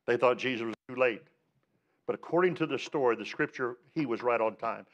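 A man's voice: mid-range voice, brisk, a bit bright, highs cut off. A male pastor preaching a sermon, emphatic, asking rhetorical questions and rising on the words he stresses.

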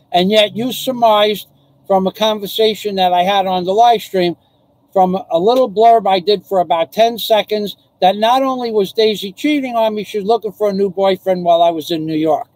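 Man, high voice, casual live stream host, profane ranting, laughs a lot. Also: a little mellow, no room sound, poor audio. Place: home in the Philippines.

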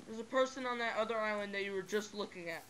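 A male host giving casual game commentary with friends, excitable and yelling when surprised. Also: high-pitched, fast talker, clean tone. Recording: noisy home mic with clicks.

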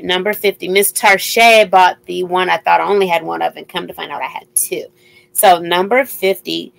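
Chatty woman with vocal fry, selling jewelry. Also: medium pitch, poor audio. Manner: chatty, repeats item numbers, upbeat selling patter. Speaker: live-stream jewelry seller. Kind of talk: casual live sales chat.

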